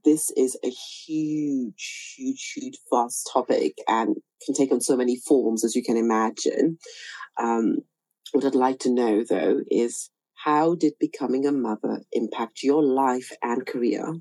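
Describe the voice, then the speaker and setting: Interview host, woman; low, mellow voice, thoughtful and measured delivery. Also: poor audio. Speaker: podcast host. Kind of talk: reflective interview talk.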